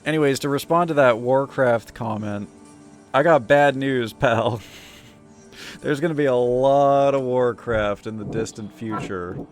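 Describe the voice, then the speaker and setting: Casting: a young male streamer, mid-pitched, joking and sarcastic, faint music behind. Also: measured pace. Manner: jokey, animated, sarcastic. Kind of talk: casual gaming livestream commentary.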